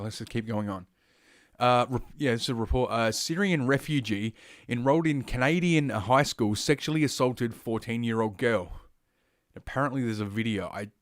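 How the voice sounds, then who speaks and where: A man's voice: medium pitch, dry recording, studio quality. Rambling, sarcastic Australian man. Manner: rambling, profane, sarcastic, with frequent fillers and asides. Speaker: podcast host. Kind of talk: solo commentary reading news stories.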